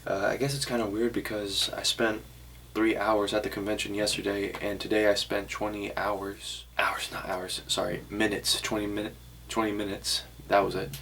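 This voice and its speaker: A man's voice: on the low side, flat delivery, normal speed, vocal fry, few pauses, fairly bright tone, slight background noise. A young man vlogging casually to camera, rambling a little and correcting himself as he shows off his haul. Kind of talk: casual vlog talk to camera.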